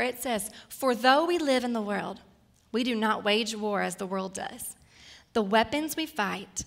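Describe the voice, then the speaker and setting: Woman preacher in her thirties, storytelling sermon, slightly raspy edge. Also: on the high side, a bit bright. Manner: personal, storytelling, gets emotional and tearful at times. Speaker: guest speaker.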